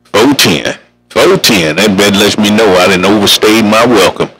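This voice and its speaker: A man's voice: fairly low pitch, moderate pace, music in the background, rough recording. Folksy man on CB radio. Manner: folksy, drawling radio banter. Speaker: CB radio operator. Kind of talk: casual radio chat. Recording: heard over CB radio.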